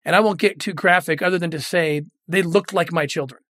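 An earnest middle-aged man speaks in a fairly high voice, recounting hard memories with open feeling as an interview guest. The sound is dry and close, with no room around it. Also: brisk, fairly bright tone, dry recording. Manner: earnest, emotional, retells quoted dialogue. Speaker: former federal agent, interview guest. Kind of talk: candid interview storytelling.

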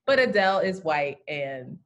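A woman co-hosting a podcast in casual chat, blunt and animated, swearing freely and going off on asides. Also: deep voice, normal speed, dull audio. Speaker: podcast co-host.

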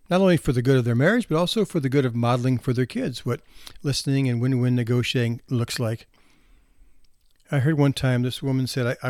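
A man's voice: mid-range voice, a little mellow, no echo, clean studio sound. A man in his sixties, a physician, telling anecdotes about marriage and parenting in a casual way, chuckling now and then. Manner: anecdotal, with laughter and restarts. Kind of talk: casual storytelling talk.

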